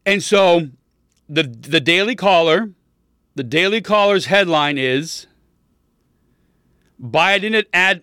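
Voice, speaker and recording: Brief: riled-up male host, high bright voice, dry close sound, cursing commentary. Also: expressive, slow, pauses often, smooth, no echo. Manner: heated, profane, riled-up. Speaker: podcast host. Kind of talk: political commentary rant.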